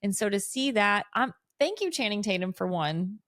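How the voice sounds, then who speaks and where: A woman's voice: medium pitch, normal speed, no room sound, clean studio sound. A woman co-hosting a podcast, eagerly recapping a film in an unscripted review chat. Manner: gushing, animated recapping of plot. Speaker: podcast co-host.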